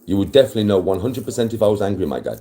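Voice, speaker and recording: British man, livestream host, casual chat, animated delivery, frequent laughter. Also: lowish voice, racing, a little hiss or hum. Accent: British English. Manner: animated, laughs often, swears, talks to chat.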